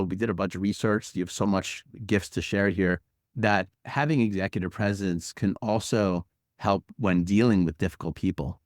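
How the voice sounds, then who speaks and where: A man's voice: deep voice, dry recording, studio quality. A man co-hosting a podcast interview, talking conversationally with loose fillers. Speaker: co-host.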